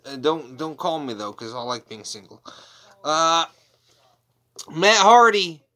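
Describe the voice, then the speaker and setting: A man's voice: fairly high pitch, big pitch swings, slow pace, sharp tone. A man chatting casually at home on his couch, a wrestling figure collector who rambles and throws in crude jokey asides. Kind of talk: casual unboxing chat.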